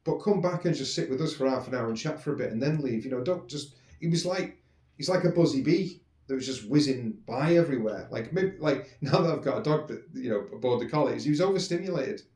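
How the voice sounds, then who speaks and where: A man, casually telling personal stories in a rambling, animated way, with some swearing. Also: mid-range voice, fast talker. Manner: rambling, animated, swears, acts out quoted speech. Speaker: podcast host. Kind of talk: casual storytelling monologue. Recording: roomy echo.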